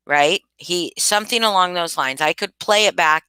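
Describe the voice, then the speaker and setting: A woman's voice: lowish voice, moderate pace, hardly any pauses, pushed and bright, clear, resonant tone, dry recording. A woman talking casually to her live chat, emphatic and repeating her points with many restarts. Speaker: livestream commentator. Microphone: home streaming mic.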